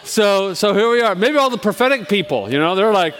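A man's voice: high voice, expressive, fairly quick, few pauses, fairly bright tone. A male pastor giving an informal, candid sermon, self-deprecating and chatty, often restarting his sentences. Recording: long hall reverb.

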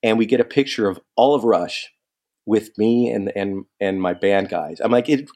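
A man telling a long story in casual chat, animated and quoting people as he goes. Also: on the low side, normal speed. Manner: animated, quotes people in lively asides.

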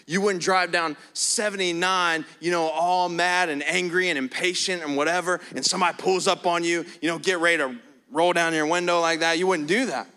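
A man preaching a sermon, shifting between quiet prayerful passages and loud emphatic stretches. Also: on the high side, steady tone, a little fast, smooth. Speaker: pastor.

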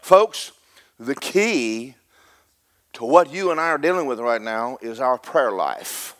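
A middle-aged man preaching a sermon as pastor, rising to a loud rhythmic peak and slipping in joking asides to the congregation. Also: mid-range voice.

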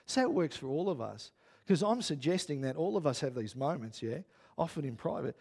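Chatty, animated preacher man. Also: on the high side, brisk, creaky, breathy edge. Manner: chatty storytelling, gets loud and worked up. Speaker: pastor. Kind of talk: sermon.

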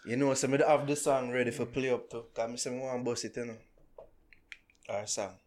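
A man with a Jamaican accent, co-hosting a podcast, joking and cutting in with quick asides. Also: mid-range voice, fairly even intonation, darkish tone. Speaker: podcast co-host. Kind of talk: casual chat.

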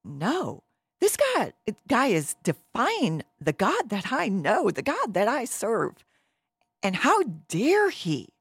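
A woman's voice: a little high, wildly swooping pitch, extremely slow, few pauses, husky, no room sound, studio quality, pitched above the performer's own voice, exaggerated voice. A woman voicing a small, brave shepherd boy who speaks with raised indignation. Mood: defiant.

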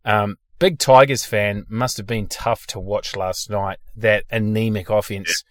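A man's voice: lowish voice, steady tone, unhurried, fairly bright tone. An Australian man hosting a casual sports podcast, blunt and sweary with strong opinions. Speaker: podcast host.

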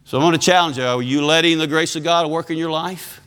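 A man preaching a sermon, telling a folksy story, moving between low calm talk and loud, excited high passages. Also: fast, clear, resonant tone. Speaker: pastor.

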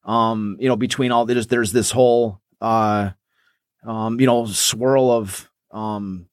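A man's voice: on the low side, fairly even intonation, takes it slowly, dry recording, studio quality. Rambling male podcast co-host. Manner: rambling, many restarts and fillers. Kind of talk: casual sports history chat.

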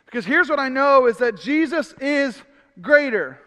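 Male pastor: very high, bright voice, emphatic sermon, echoing hall. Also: expressive, normal speed. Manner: emphatic, repeats phrases, cries out in frustration. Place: church hall. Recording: long hall reverb.

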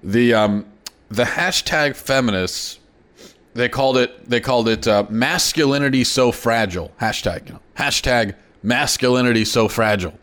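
Hoarse man hosting a sardonic podcast. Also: mid-range voice, a bit bright. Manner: sardonic, halting with throat-clearing. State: losing his voice. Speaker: podcast host. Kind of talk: opinionated solo monologue.

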